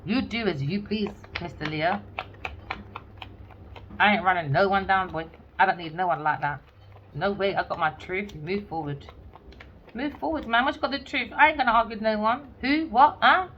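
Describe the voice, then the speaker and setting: A woman's voice: mid-range voice, moderate pace, long pauses. A woman giving a casual tarot reading, blunt and sarcastic, swearing freely and acting out lines of imagined dialogue. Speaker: tarot reader. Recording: slightly dull lo-fi audio with faint background noise.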